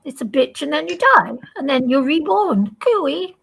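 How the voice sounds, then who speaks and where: A woman's voice: sits high, sing-song, normal speed, creaky. A woman chatting casually on a stream, blunt and insistent. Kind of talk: casual chat.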